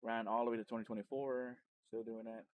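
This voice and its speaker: A man, a streamer and podcast host, telling his story in a loose, rambling way, full of restarts and self-corrections, and getting animated when he retells exciting moments. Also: medium pitch, a little fast, slight background noise. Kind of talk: casual personal storytelling.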